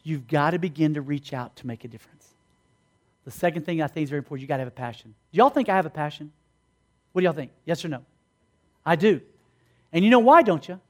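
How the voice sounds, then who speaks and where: A man's voice: on the high side, quick pace, pauses often. A man preaching a sermon, telling stories and acting out the dialogue in different voices. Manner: animated, acts out dialogue in voices. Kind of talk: sermon storytelling.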